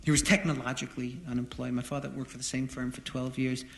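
A man doing a stand-up monologue in front of an audience, telling deadpan, self-deprecating stories. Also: medium pitch, quick pace, vocal fry. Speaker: stand-up comedian. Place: live venue with an audience. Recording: roomy live recording with noise. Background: audience laughter.

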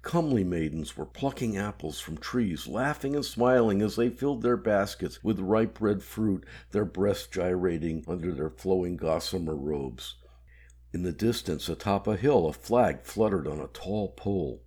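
A man reading a novel aloud in a measured, even audiobook narration. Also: low voice, husky.

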